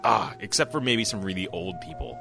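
Casual podcast co-host, male, low and very expressive, acts out quotes, music bed under the talk. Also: fairly quick, gravelly. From Canada. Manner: animated storyteller, swears freely, acts out quotes. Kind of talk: casual chat.

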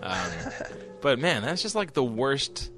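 A Canadian man co-hosts a casual podcast, speaking slowly at medium pitch with music in the background. He is an animated storyteller who swears freely and acts out quotes as he tells his story.

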